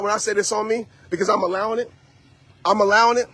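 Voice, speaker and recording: A man speaks to his live-stream viewers while out on a walk, pressing a motivational message with lots of repetition. His voice sits high for a man and has a husky, breathy edge. He sounds like he is talking into a phone held in his hand. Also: fairly even intonation, a little fast, a bit bright. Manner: preachy, repetitive, addresses audience directly.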